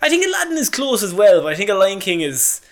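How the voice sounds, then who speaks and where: A man's voice: sits high, big pitch swings, quick pace. A man co-hosting a casual film podcast, bantering and laughing often, sometimes reading out news headlines. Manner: reads news headlines aloud. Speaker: podcast co-host.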